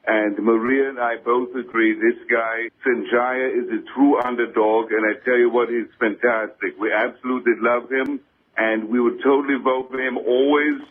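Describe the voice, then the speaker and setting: A man's voice: mid-range voice, fairly even intonation, normal speed, slight background noise, natural voice. A man impersonating a famous governor on a prank radio call, talking earnestly and eagerly over a phone line.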